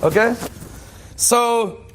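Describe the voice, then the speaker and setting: A man, a rabbi, teaching a Torah class in an animated, joking way and asking his listeners questions. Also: extremely high pitch, extremely slow, a little hiss or hum.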